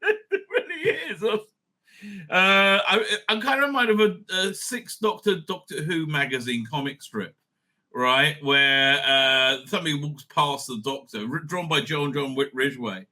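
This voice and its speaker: A man's voice: on the high side, unhurried, pushed and bright. A middle-aged man hosting a casual live-stream review. He rambles, swears a lot and laughs often. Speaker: rabbi and show host.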